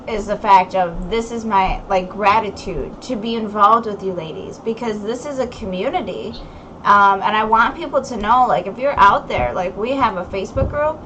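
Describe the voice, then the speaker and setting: A woman's voice: medium pitch, fairly bright tone, slight background noise, poor audio. A young adult woman hosting a casual recovery podcast, talking candidly with many fillers and some swearing. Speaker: podcast host.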